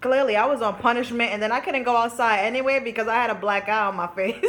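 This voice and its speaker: A woman's voice: fairly high pitch, fairly even intonation, fast talker, a bit bright. A young woman telling a story to camera in a candid, chatty way, swearing freely and filling her talk with "like" and "you know.". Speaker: vlogger. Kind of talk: casual storytime chat.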